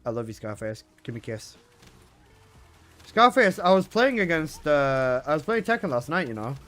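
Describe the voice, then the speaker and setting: A man's voice: fairly high pitch, big pitch swings, moderate pace, fairly bright tone, soft background music. A man live streaming, chatting casually with his viewers, swearing and laughing often.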